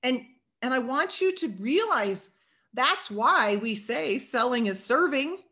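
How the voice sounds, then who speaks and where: A woman giving an energetic motivational talk on sales to her team, preachy in tone and playing out sales dialogue as she goes. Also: sits high, takes it slowly.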